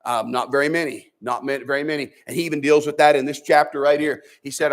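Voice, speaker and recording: A man preaches to his Sunday school class in a fairly high voice. He speaks plainly and conversationally, then surges into loud, emphatic rises before dropping back low and quiet. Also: flat delivery, fast talker, hardly any pauses. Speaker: pastor.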